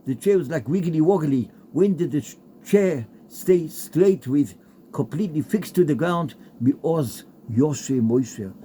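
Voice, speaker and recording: A man's voice: a little high, expressive, measured pace, mellow, a little hiss or hum. A man giving a heartfelt Torah talk with a story, mixing in Hebrew and Yiddish terms. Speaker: Torah speaker.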